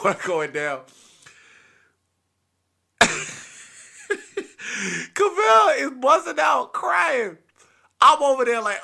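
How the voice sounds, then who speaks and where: A man hosting a comedy podcast, telling a family story with lively impressions of everyone in it. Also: high voice, measured pace, gravelly, pauses often. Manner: animated, acts out every character.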